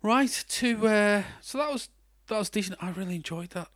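A man's voice: high voice, normal speed, a bit bright, no echo. Chatty man, dry close mic. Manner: chatty, self-mocking, many restarts. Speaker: podcast co-host. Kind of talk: casual chat.

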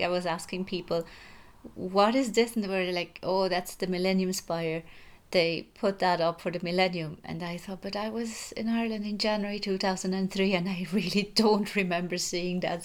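Gentle woman telling a bedtime story. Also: on the low side. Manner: gentle, conversational, intimate. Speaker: host and storyteller.

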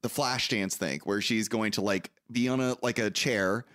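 A man with a somewhat low voice co-hosting a casual movie podcast. He tells the plot in a steady, easygoing way and laughs along often with his co-host. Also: normal speed. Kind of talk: casual movie recap chat.

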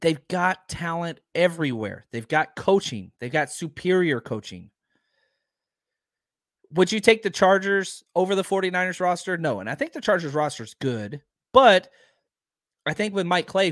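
A man hosting a sports podcast, talking casually and arguing his points with emphasis, his voice a little hoarse from talking so much. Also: on the high side, normal speed, dry recording, studio quality. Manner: animated, emphatic, argumentative. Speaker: podcast host.

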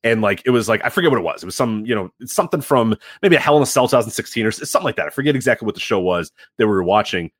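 A man co-hosting a podcast in casual chat, telling rambling, animated stories full of fillers. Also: fairly low pitch, rapid-fire, few pauses, dry recording, clean studio sound. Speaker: podcast co-host.

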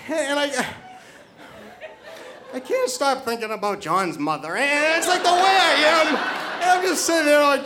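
High-pitched guy telling a story on stage, keeps tripping on his words, all worked up. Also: measured pace, pauses often, a faint crowd. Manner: excited, stammering repetitions. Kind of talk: live storytelling.

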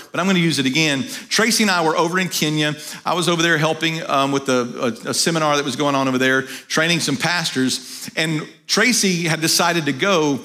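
A man's voice: on the high side, pushed and bright. A middle-aged male pastor giving a sermon, telling stories in a conversational way and acting out quotes. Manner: conversational storytelling with acted quotes.

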